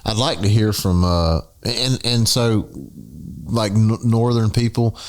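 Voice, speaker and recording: Easygoing Southern man, lower voice. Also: unhurried, darkish tone, faint music behind. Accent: Southern American. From American South. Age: middle-aged. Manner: easygoing, laughs along. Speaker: podcast co-host. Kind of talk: casual chat.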